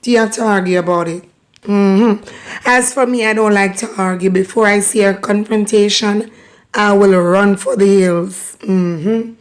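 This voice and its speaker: A Jamaican woman with a hoarse voice hosting a casual patois lesson, chatty and laughing as she repeats phrases for learners. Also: mid-range voice, steady tone, measured pace. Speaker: host teaching patois.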